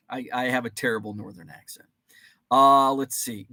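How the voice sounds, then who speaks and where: A man's voice: medium pitch, lively intonation, moderate pace, sharp tone, no room sound, clean studio sound. A man hosting a casual livestream, rambling between topics and reading viewer comments aloud. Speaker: host.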